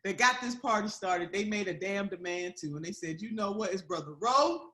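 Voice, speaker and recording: A woman's voice: mid-range voice, expressive, fairly quick, sharp tone, reverberant. A woman giving a rousing political speech on a video call, in a preacherly, emphatic manner, repeating phrases for effect. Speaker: guest speaker.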